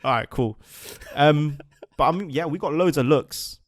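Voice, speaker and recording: A man's voice: fairly high pitch, moderate pace, dry recording, clean studio sound. A young man hosting a podcast over a video call, laid-back and laughing often in casual chat. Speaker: podcast host.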